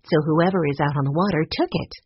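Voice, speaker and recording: A woman voicing a gentle, worried young girl who speaks softly and anxiously in a storybook reading. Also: deep voice, fast talker, lo-fi sound, a little hiss or hum, natural voice.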